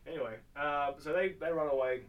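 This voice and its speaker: A man's voice: on the high side, a little fast, narrow, tinny audio. A young man co-hosting a casual film review podcast, rambling and laughing often, swearing casually. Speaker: podcast co-host.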